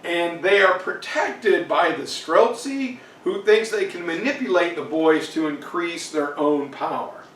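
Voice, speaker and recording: A man's voice: a little high, animated, a little slow, few pauses, fairly bright tone. Casual man giving a history review. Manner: casual, digressive, many fillers. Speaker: history teacher. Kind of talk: exam review lecture. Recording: roomy, distant mic, faint noise.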